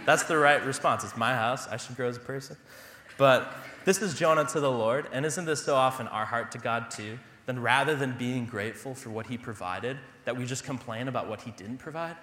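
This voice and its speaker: Young pastor, bright tone, casual self-deprecating sermon delivery, roomy church echo. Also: male voice, mid-range voice, a little fast, slight background noise. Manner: conversational, self-deprecating humor. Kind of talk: sermon with personal stories. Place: church sanctuary.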